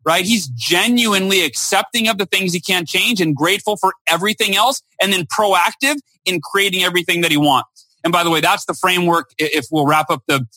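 A man with a high, bright voice tells his story in an interview. He speaks emphatically and acts out the quoted lines with lively shifts, recorded close and dry. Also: brisk, no room sound. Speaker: guest speaker and author.

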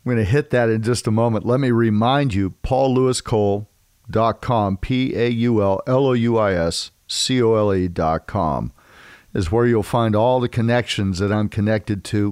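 A man hosting a devotional men's ministry talk. He speaks emphatically and repeats key phrases slowly. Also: lowish voice, clear, resonant tone, no echo, studio quality. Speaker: host and preacher.

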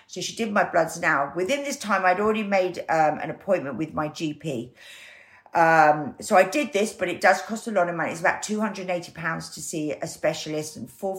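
A woman, a guest telling her story candidly and acting out the voices she quotes. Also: fairly low pitch. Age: 50s. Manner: animated, acts out quoted voices.

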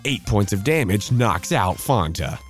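A man with a fairly low voice narrates a tabletop game battle. His delivery swoops up and down as he reads out each dice roll, with faint music playing underneath. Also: a little slow. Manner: lively storytelling, reading out dice rolls.

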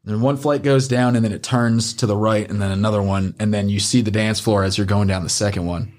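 Animated, swearing man telling a story. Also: lowish voice, a little fast. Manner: animated, swears often, acts out quotes. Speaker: podcast storyteller. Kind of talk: casual storytelling.

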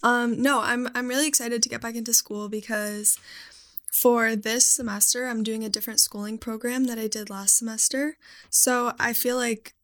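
Chatty young woman with vocal fry. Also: fairly high pitch, steady tone, normal speed, fairly bright tone. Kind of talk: casual chat.

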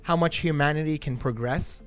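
A man's voice: on the high side, moderate pace, fairly bright tone, soft background music. Eager, insistent male podcast co-host. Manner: enthusiastic and insistent, selling his ideas. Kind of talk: casual podcast banter.

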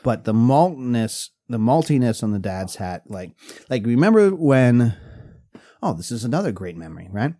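With a mid-range, mellow voice, this Pennsylvania man co-hosts a podcast at a normal speed but with very animated delivery. He rambles in casual chat, restarts frequently, and laughs while storytelling, all in a dry, clean studio recording.

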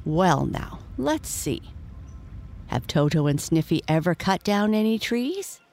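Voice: medium pitch, very animated, takes it slowly, creaky, a little mellow, full character voice. A storyteller voicing Mister Cuppy, a friendly, hearty neighbor beaver giving advice in a bedtime storybook. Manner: hearty, advising.

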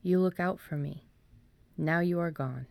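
A woman voicing a small grieving male creature with long ears, who speaks halting, tearful English. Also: lowish voice, creaky, darkish tone, no echo.

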